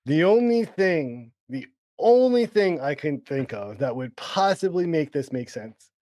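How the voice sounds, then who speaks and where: A man's voice: fairly high pitch, unhurried, no echo. Rambling podcast man, dry close sound. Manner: relaxed, rambling with many fillers. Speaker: podcast co-host. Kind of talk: casual chat, storytelling.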